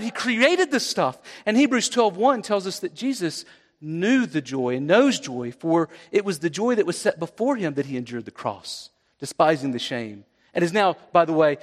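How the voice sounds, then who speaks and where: A man's voice: high-pitched, in a large hall. A man preaching a sermon as pastor, conversational and rising to emphatic peaks.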